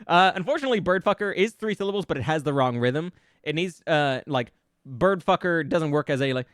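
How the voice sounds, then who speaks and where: High-voiced playful male streamer. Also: animated, a little fast, a bit bright, clean tone, dry recording, studio quality. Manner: playful, thinking aloud, riffing on word ideas with chat. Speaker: VTuber streamer. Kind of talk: casual live-stream chat with viewers.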